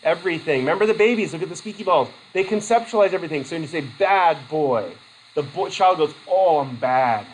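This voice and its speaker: Male teacher lecturing a class; chatty, animated, fairly high pitch, slight room hiss. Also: quick pace, low-quality recording. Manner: lively, acts out quoted voices, laughs easily.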